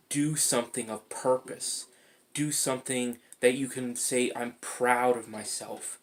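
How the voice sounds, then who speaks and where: A man speaks in a level, flat tone while delivering a motivational talk. He is blunt and earnest and drops casual swear words. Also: medium pitch. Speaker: self-help speaker. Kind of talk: motivational monologue.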